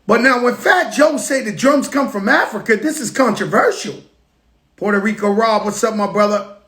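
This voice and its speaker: A man from the Bronx with a New York accent, talking in an emphatic, animated way as he tells stories on a casual live stream. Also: high voice, normal speed, roomy sound. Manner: emphatic, animated storytelling with call-outs to viewers. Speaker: rapper speaking on a live stream. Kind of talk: casual motivational monologue.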